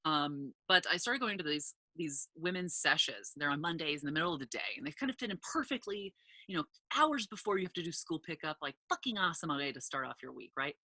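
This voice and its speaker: A woman telling a funny story in a casual chat, animated and loud when she acts out quotes, swearing freely. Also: deep voice, quick pace, no room sound. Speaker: podcast guest, cannabis entrepreneur.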